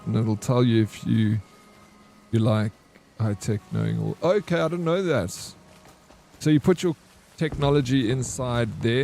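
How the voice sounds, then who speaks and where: A man's voice: mid-range voice, mellow, slight background noise. A young man, chatting casually with his stream while playing a game, slangy and laid-back. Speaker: gaming streamer.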